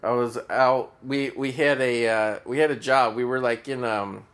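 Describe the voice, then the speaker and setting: A man's voice: medium pitch, fairly even intonation, normal speed, fairly bright tone. Rambling, profane male podcast host. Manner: rambling, profane, lots of fillers and restarts. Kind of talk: casual solo podcast storytelling.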